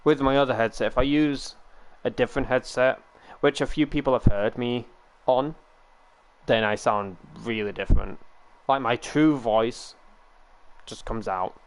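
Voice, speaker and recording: A man's voice: mid-range voice, unhurried, smooth. A man, chatting casually with stream viewers on a headset and rambling with frequent chuckles. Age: 20s. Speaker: livestreamer. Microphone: gaming headset.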